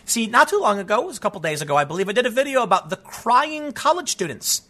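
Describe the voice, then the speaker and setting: A man's voice: very high voice, sing-song, fast, bright, forceful tone. A man giving solo political commentary as host, ranting in a frustrated, emphatic way with many restarts.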